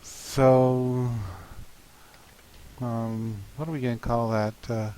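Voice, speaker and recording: A man's voice: medium pitch, little pitch movement, mellow, poor audio. A man, a comic artist, thinking aloud in a hesitant, musing way while planning a comic. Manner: hesitant and musing, with many pauses and fillers.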